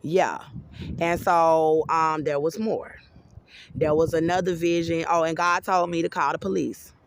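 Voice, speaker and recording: A woman's voice: low-pitched, steady tone, measured pace. A woman giving an agitated, rambling personal monologue to camera, swearing freely. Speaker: vlogger.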